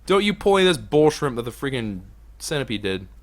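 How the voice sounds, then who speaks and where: A young man giving casual let's play commentary as a gaming YouTuber, swinging from low mutters to loud excited outbursts. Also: fast talker.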